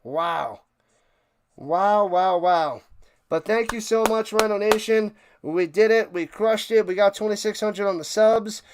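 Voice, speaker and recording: Male stream host, high clear voice, excitable and rambling, slightly winded. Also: measured pace. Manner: excited, rambling, repeats himself. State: out of breath. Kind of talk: casual sign-off chat to live stream viewers.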